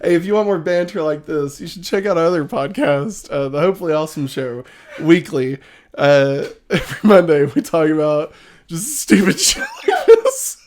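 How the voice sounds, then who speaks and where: A woman's voice: deep voice, moderate pace. A woman co-hosting a podcast, chatting casually and breaking into laughter often. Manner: giggly, animated, keeps breaking into laughter. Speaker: podcast co-host. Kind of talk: casual chat.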